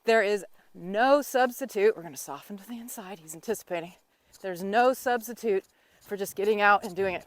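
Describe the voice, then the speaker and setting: Riding a horse outdoors in the wind, a woman riding instructor coaches her student in a teasing, encouraging way. Her voice is medium-pitched and brisk.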